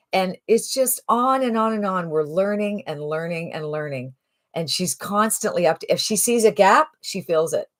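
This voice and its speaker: 60-something woman pitching online marketing, rambly and chatty, lowish voice. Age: 60s. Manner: rambling and chatty, lots of fillers and restarts. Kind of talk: casual sales pitch to camera.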